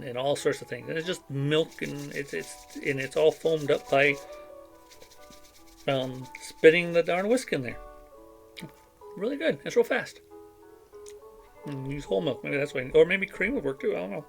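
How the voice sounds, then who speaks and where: A man's voice: medium pitch, vocal fry, fairly bright tone. A middle-aged man with a cough and headache, rambling in a casual chat at his home desk mic, with lots of fillers and self-deprecating asides. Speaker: vlogger. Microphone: desk microphone.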